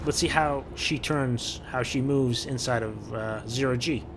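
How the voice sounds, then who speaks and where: A man's voice: mid-range voice, unhurried, background noise. Chatty man narrating gameplay. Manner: chatty, repeats words while thinking aloud. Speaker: gaming video creator. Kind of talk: casual gameplay commentary.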